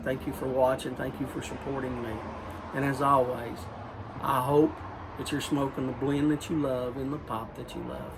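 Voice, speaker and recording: A man's voice: medium pitch, little pitch movement, normal speed, noisy background. A man with a rural Southern US accent talking in a casual, rambling vlog style about pipe tobacco, repeating and correcting himself and earnestly urging his viewers.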